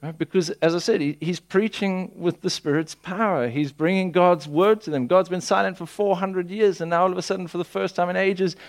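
A man preaching a sermon, telling the story with lively voicing of people. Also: high-pitched, fairly quick, few pauses.

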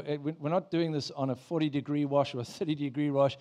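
A man's voice: fairly high pitch, steady tone, fast, mellow. A man, a pastor, preaching a sermon in a church in a conversational way, asking the congregation questions.

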